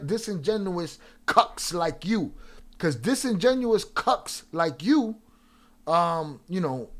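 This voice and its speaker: Profane, combative male livestream host. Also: sits high. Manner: profane, confrontational, trash-talking viewers. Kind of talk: heated livestream chat.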